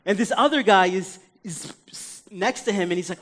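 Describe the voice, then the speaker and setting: A young man delivers a church sermon in a loose, conversational way. His voice sits a touch higher than most men's, and his delivery stays animated, often sinking into a soft plea. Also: normal speed, hardly any pauses. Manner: conversational, animated preaching that drops to soft pleading. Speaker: pastor.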